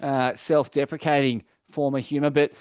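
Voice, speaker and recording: A man's voice: medium pitch, level tone, normal speed, darkish tone, clean tone, no room sound, studio quality. A young Australian man co-hosting a casual podcast, telling stories loosely with plenty of swearing and fillers. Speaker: podcast co-host. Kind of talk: casual chat.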